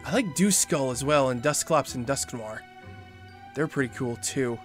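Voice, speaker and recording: A man casually chatting while playing a video game, moving from low mumbles to excited outbursts. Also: normal speed, soft background music. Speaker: gaming video host. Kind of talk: casual let's-play commentary.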